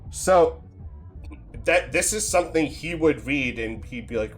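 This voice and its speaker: A man's voice: on the high side, animated, measured pace, faint music behind. A young man streaming, telling a rambling, profane, self-deprecating story in a casual way into a desk mic.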